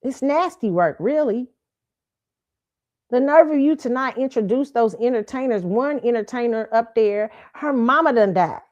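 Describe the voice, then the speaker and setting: A woman's voice: fairly high pitch, animated, moderate pace, darkish tone. A woman host giving a blunt, profane and mocking opinion rant. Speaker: show host. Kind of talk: ranting opinion commentary. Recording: slightly dull lo-fi audio.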